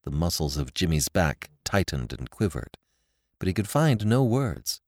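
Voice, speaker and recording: A man narrating a classic story with an expressive, dramatic reading. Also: low-pitched, a little slow, dry recording, clean studio sound.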